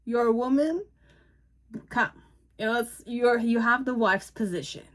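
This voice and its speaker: A woman's voice: a little high, a little slow, fairly bright tone. A woman giving a casual tarot reading, voicing in first person the person the cards describe. She rambles with hesitations and self-corrections and often laughs at what she reads. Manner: amused, breaks into laughter. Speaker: tarot reader.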